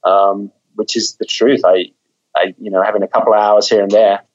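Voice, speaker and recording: A man's voice: lowish voice, little pitch movement, normal speed, highs cut off. A man, a mystery author, talking in a conversational interview, thoughtful, often repeating words as he thinks.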